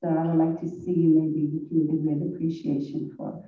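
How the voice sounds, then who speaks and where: Community member, woman, lowish voice, measured comment with ums, echoey hall from far off. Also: flat delivery. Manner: measured, with hesitant fillers. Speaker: community member at a school forum. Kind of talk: public comment at a meeting. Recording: echoey hall, distant tinny mic.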